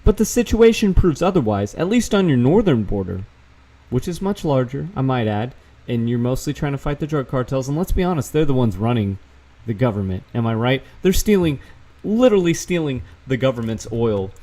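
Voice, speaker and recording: With a warm, mid-range voice swinging widely in pitch, the vlogger moves fairly quickly through news pieces he reads aloud, fact-checking them with sarcasm and profanity in casual screen-share style.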